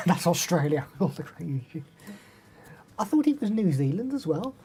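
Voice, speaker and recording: A man's voice: on the high side, big pitch swings, moderate pace, mellow. A young man with an English Midlands accent, chatting casually on a live stream, reading out viewer names and answering them. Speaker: live streamer demoing microphones.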